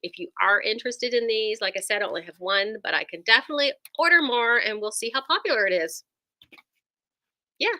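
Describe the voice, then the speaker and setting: A woman's voice: fairly high pitch, expressive, a little fast, sharp tone. A woman who runs a quilt shop, chatting enthusiastically through a casual product demo with lots of ums and likes.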